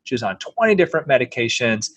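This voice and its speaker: Middle-aged male surgeon guest, raspy edge, dead-dry recording, animated and sincere anecdotes. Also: medium pitch, quick pace, dry recording. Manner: earnest, animated anecdote telling. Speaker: plastic surgeon, interview guest. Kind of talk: storytelling in an interview.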